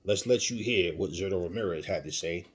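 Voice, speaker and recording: A man's voice: low-pitched, a little fast, breathy edge. A man hosting a boxing commentary channel, talking emphatically with rhetorical questions and frequent fillers. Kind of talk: opinionated commentary.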